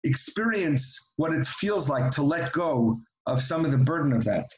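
A man's voice: on the high side, animated, moderate pace, a little mellow, a little hiss or hum. Earnest man teaching in an echoey room. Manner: earnest, with frequent restarts. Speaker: religious teacher. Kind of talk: reflective religious talk with storytelling.

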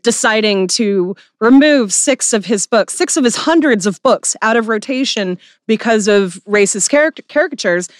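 A woman's voice: fairly high pitch, animated, moderate pace, hardly any pauses, no room sound, studio quality. A woman podcast host in casual chat, talking bluntly and swearing freely.

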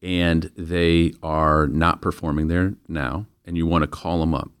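Very deep, smooth-voiced host. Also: male voice, steady tone, dry recording, studio quality. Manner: measured, probing questions. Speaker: podcast host. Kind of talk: podcast interview conversation.

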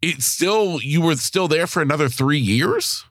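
Slow, lively-pitched podcast host. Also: male voice, no room sound, studio quality. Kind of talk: casual interview chat.

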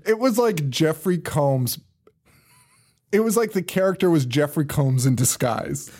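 Co-hosting a horror film podcast, this man has a somewhat high, slightly mellow voice and speaks animatedly but without hurry. He rambles through the casual review chat, cursing and laughing frequently.

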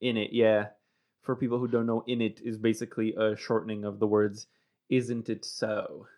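A man's voice: on the low side, monotone, fairly quick, a little mellow. Man, casual and rambling. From Romania. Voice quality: swears and laughs often while rambling. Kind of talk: casual chat.

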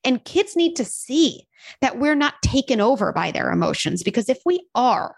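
A woman on a podcast talking about parenting and self-care in a casual, animated way, with lots of fillers. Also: on the high side, normal speed, vocal fry, dry recording. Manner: animated, uses many fillers and acted quotes. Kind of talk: casual conversational advice.

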